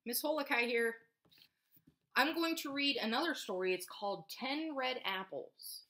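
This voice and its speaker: A woman's voice: high-pitched, animated, a little slow, a bit bright. A woman, a preschool teacher, reading a picture book aloud to children, counting along and asking them questions. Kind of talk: read-aloud storytelling for children.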